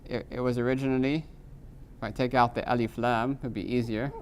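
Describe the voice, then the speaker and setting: A man's voice: mid-range voice, steady tone, a little hiss or hum. Man teaching grammar to a class. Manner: quizzes students with frequent rhetorical "right?"; slows to spell out Arabic terms. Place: classroom with students.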